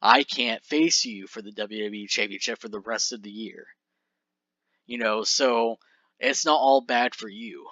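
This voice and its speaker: A man voicing a calm, reasoning wrestler. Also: lowish voice, unhurried, dry recording, lo-fi sound. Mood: placating. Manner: reasoning, placating. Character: calm male wrestler soothing his upset partner.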